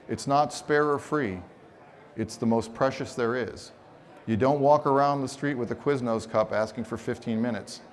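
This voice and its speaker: A man giving a live photography seminar on a conference stage, telling stories with humor and acting out quotes. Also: medium pitch. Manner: expressive storyteller, acts out quotes, teasing humor. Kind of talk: animated live seminar talk.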